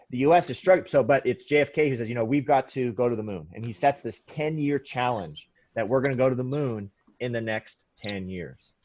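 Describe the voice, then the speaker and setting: A man's voice: medium pitch, a little mellow. A male history teacher lectures in a classroom, restarting sentences and backing up as he goes. He keeps throwing questions out to his students. The recording sounds muffled and lo-fi. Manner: rambling, self-correcting, quizzes students.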